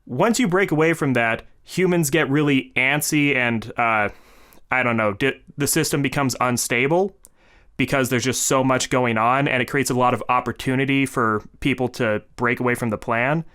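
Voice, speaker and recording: A man co-hosting a podcast, explaining ideas in a measured, casual way. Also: mid-range voice, fairly bright tone, clean tone. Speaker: podcast co-host.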